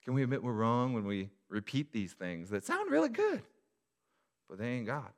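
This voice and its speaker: A male pastor preaching a sermon to his church, moving from quiet reflection to loud, emphatic appeals. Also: mid-range voice, huge pitch swings, normal speed.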